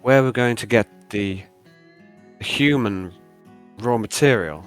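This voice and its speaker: Slow solemn cult leader guy, put-on accent, gm voicing him. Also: lowish voice, soft background music, natural voice.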